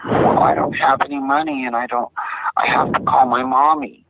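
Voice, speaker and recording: A man's voice: medium pitch, flat delivery, moderate pace, creaky, noisy background, voice pushed up, close to an everyday voice. A man voicing a small boy who pleads and whimpers for his mommy. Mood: pleading. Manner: whiny, pleading. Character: little boy pretending to cry for his mommy.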